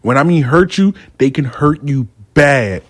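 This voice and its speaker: A man's voice: on the high side, lively intonation, measured pace, no echo. A man telling a casual story, acting out both sides of a dialogue. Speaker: storyteller host.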